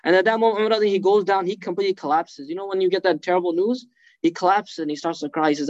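A man delivers an emotional sermon in a high, quick voice, racing through the story and acting out each quote. His speech is dotted with Arabic phrases. The recording is dry and slightly muffled. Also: dry recording. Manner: rapid, fervent retelling with acted quotes and Arabic phrases. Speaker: preacher. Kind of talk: emotional religious storytelling lecture.

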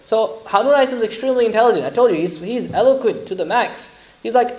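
Fast-talking, high-voiced male preacher. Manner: animated, conversational, sprinkles Arabic terms. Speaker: Islamic teacher. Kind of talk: sermon, storytelling commentary.

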